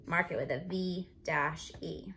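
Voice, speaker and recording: Gravelly-voiced teacher spelling out syllables. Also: female voice, sits low, steady tone, bright, forceful tone, slight background noise. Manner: slow, clear spelling out of syllables and letters. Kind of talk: recorded phonics review lesson. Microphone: computer microphone.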